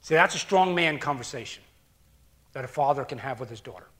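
A middle-aged man preaching a sermon as pastor, earnest, dropping to hushed near-whispers and rising to loud emphatic bursts. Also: medium pitch, expressive, a little fast.

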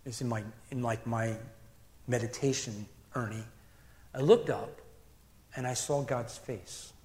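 Man preaching in an echoey hall. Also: mid-range voice. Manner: earnest, reflective, swings from emphatic to hushed. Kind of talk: sermon.

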